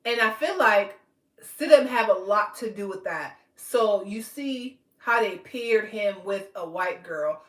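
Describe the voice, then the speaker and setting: A woman's voice: mid-range voice, animated, slow pace. A woman hosting a podcast, talking bluntly and emphatically in casual commentary, lecturing her listeners. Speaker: podcast host. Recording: echoey room.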